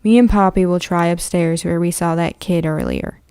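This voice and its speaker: A woman's voice: lowish voice, moderate pace, darkish tone, smooth, dry recording, studio quality, natural voice. A woman reading a storybook aloud, voicing a pushy, defensive boy who talks impatiently and snaps back. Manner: snappish, impatient.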